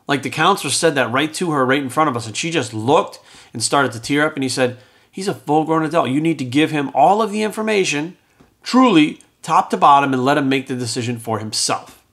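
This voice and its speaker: A man's voice: fairly high pitch, lively intonation, brisk, fairly bright tone. A middle-aged man telling a personal story in a casual, rambling monologue, acting out the lines of the people in it as a podcast host. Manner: rambling and conversational, acts out quoted dialogue. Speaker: fitness coach and podcast host.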